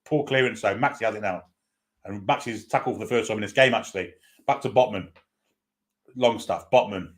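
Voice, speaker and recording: A man's voice: lowish voice, fairly quick, long pauses. A man giving partisan live play-by-play commentary on a football match as a fan, with running asides.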